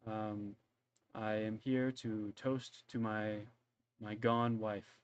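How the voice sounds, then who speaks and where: A man voicing a hesitant, grieving widower giving a toast in a tabletop game, in a slow, halting, slightly low voice. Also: little pitch movement, smooth, muffled recording. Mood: subdued.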